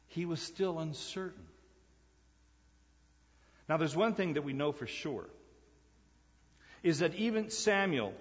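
A male pastor delivers a sermon with emphatic repetition, swinging between loud points and hushed asides. His voice sits a little high for a man. The sound is dull and lo-fi, carried on a long reverb from the church hall. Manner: emphatic, repeats key phrases, rising and dropping dramatically.

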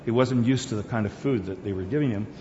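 A man's voice: fairly low pitch, quick pace, warm tone, a little hiss or hum. Man talking in a reverberant hall. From Korea, Borneo and Singapore. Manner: rambling, conversational, with many fillers and restarts. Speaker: speaker. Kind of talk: informal personal talk. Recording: dull sound with long hall reverb.

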